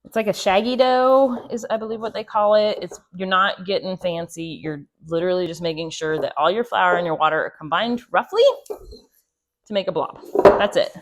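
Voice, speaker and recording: A homestead host, speaking into a clip-on mic with a fairly low pitch at a normal pace, chats her way through a casual cooking demo in her home kitchen. She jokes and laughs at herself while she works.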